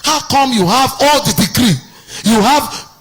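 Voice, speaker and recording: A man preaching a sermon, firing off rhetorical questions and rising into shouted decrees. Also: very high-pitched, measured pace, husky. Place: church.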